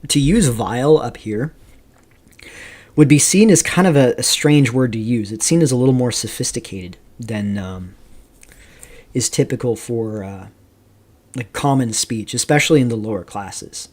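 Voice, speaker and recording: A man hosting a live stream, rambling casually through commentary, reading chat questions aloud and filling pauses with "um" and "like". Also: mid-range voice, a little mellow. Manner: rambling, reads chat aloud, many fillers. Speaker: streamer host.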